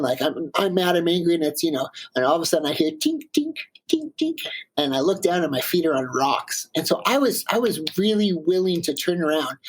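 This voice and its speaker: Husky, animated male storyteller. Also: fairly high pitch, low-quality recording. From Washington State, USA. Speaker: guest, climber. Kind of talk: casual storytelling interview.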